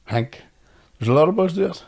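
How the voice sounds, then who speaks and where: Sweary Northern Irish man, fast banter. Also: mid-range voice. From Northern Ireland. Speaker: podcast co-host, comedian. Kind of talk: casual chat.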